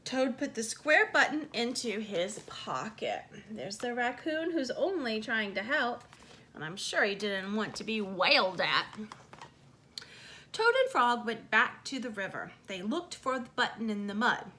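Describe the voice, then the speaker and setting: A woman's voice: a little high, sing-song, unhurried, sharp tone. A woman reading a children's storybook aloud, with chatty asides to young listeners.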